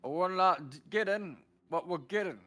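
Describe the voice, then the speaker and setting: A man taking part as a player in a tabletop role-playing game, speaking in a dry, deliberate way. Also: high voice, bright, forceful tone. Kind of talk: in-character tabletop role-play.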